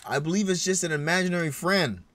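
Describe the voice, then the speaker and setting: A man's voice: fairly high pitch, quick pace, a bit bright, dry recording, close to an everyday voice. A man voicing a rural parent worried about his son, in a put-on Southern US country accent, reading game narration aloud in character. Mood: uneasy.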